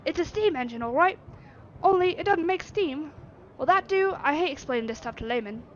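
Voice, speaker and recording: A woman voicing a brusque, grumbling female artificer with a put-on Yorkshire accent, loud and blunt. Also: sits high, expressive, brisk, voice pushed up. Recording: slightly dull lo-fi with faint noise.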